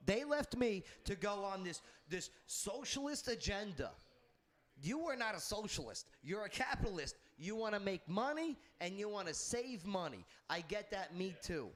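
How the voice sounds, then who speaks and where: A man's voice: high-pitched, big pitch swings, normal speed, fairly bright tone. A man hosting a political panel discussion, talking emphatically and repeating his points. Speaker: talk show host.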